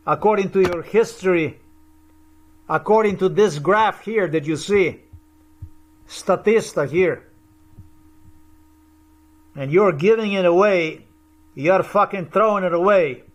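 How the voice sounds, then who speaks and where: A man's voice: high-pitched, unhurried, pauses often. A man ranting profanely and accusingly in a monologue to camera. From Eastern Europe. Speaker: video commentator.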